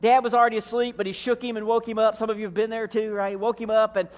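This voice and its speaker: A male senior pastor delivers a sermon in a high-pitched voice. He tells his story in a relaxed way, stretches out the important words, and lets his lines fade softly at the end. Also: fast talker. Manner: storytelling, drawing out key words and trailing off softly.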